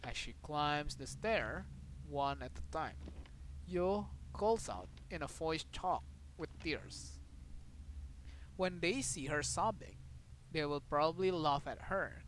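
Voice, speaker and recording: A game streamer, reading a story game's text aloud in a dramatic way, with sudden loud outbursts. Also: medium pitch, expressive, slow pace, a little hiss or hum, low-quality recording. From Indonesia.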